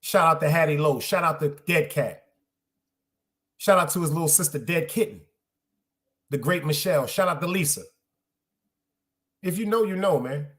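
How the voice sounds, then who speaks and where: A man's voice: fairly high pitch, normal speed, pauses often, fairly bright tone. A middle-aged man, hosting a podcast in loose, streetwise solo chat, repeating phrases for emphasis. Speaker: podcast host. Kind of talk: casual solo livestream chat.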